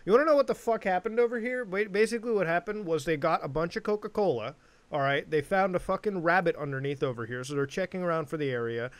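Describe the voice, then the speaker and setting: A man's voice: high voice, quick pace, clear, resonant tone, no room sound. A young man giving blunt, profane, outraged reaction commentary on online videos. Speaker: commentary YouTuber.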